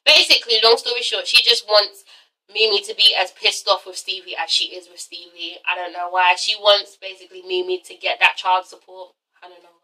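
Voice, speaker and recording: A woman's voice: mid-range voice, steady tone, fairly quick, pushed and bright, recorded from a distance, rough recording. A woman casually recapping an episode in a chatty, profane vlog style, tagging her lines with "all right?". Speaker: vlogger reviewing a TV episode.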